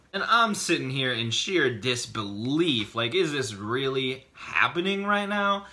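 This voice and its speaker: Bright, animated male vlogger. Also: fairly high pitch. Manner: animated, joking, quick bursts. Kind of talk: comic personal storytelling.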